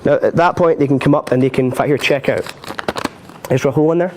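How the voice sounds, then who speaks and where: Man, magic tutorial on a live stream, chatty, jokes at his own expense, laughs a lot, ordinary middle pitch. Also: fast, a little hiss or hum. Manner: chatty and self-mocking, laughs often. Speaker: magic instructor.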